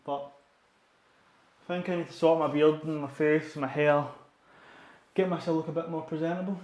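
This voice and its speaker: A man's voice: on the high side, fairly even intonation, a little fast, a little mellow. A young man, out of breath, muttering tired, casually sweary asides to camera between sets in a gym. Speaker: powerlifter filming his training. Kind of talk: casual training vlog chat. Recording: echoey gym room.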